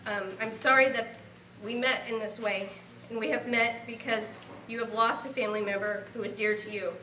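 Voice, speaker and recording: A woman's voice: a little high, steady tone, normal speed, bright, forceful tone, recorded from a distance, a little hiss or hum. Earnest woman in an echoey hall. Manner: heartfelt, earnest, speaking of a lost relative. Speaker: award recipient giving acceptance speech. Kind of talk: emotional acceptance speech.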